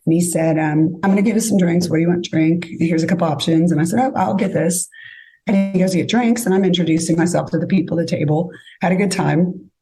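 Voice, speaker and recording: A guest storyteller with a lowish, fast voice tells a dating story in casual chat. She's chatty and acts out both sides of each exchange.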